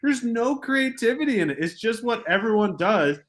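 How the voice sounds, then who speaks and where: A young adult man co-hosting a podcast, ranting in casual sports banter and swinging from quiet asides to loud outbursts. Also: extremely high pitch, expressive, normal speed. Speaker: podcast co-host.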